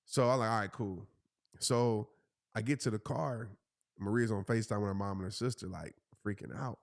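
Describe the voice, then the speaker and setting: A man, telling a story in a casual, animated way and jumping into high voices for the people he quotes. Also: normal speed, creaky, no room sound, clean studio sound. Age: 30s. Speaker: host.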